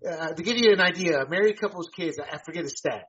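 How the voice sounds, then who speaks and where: A man with a somewhat high voice hosts a casual podcast chat. He talks haltingly, full of uh's and restarts. The recording sounds dull and lo-fi. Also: fairly bright tone. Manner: halting, many fillers and restarts. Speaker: podcast host. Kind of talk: casual conversation.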